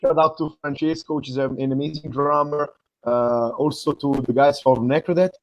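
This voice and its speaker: A man from Italy with an Italian accent, hosting an interview over a video call in halting, filler-heavy English. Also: on the high side, steady tone, no room sound, highs cut off. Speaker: host. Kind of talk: interview chat.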